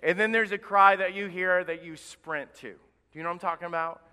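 A male pastor preaching with a high, bright, clear voice that rings out. He acts out the voices he quotes as he goes. The sermon is heard in a church with a long, echoing reverb. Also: fairly even intonation, a little fast.

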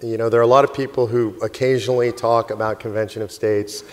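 A man and organization president telling an animated story in a speech to a live audience, laughing often as he goes. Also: mid-range voice, quick pace. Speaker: convention speaker and organization president. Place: conference hall stage. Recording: long hall reverb with faint crowd.

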